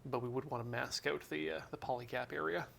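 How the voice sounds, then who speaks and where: A man's voice: mid-range voice, fairly even intonation, fast, gravelly, background noise. A man co-hosting a hobby stream, chatting casually and explaining his model build as he works. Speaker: stream co-host. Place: streaming studio.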